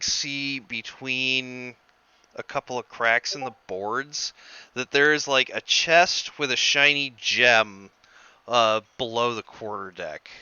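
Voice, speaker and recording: A man narrating as game master of a tabletop session, relaxed and halting with many fillers. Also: mid-range voice, smooth, no echo, dull audio.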